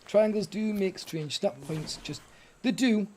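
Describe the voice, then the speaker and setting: A man's voice: high voice, a little slow, darkish tone, slight background noise. A man streaming a survival game live, chatting to himself and his viewers in a rambling, self-mocking way. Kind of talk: live gameplay chat.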